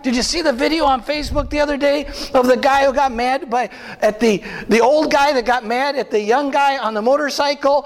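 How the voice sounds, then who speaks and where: A man preaching a sermon as pastor, animated and full of rhetorical questions and asides to the congregation. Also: extremely high pitch, fairly quick. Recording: long hall reverb.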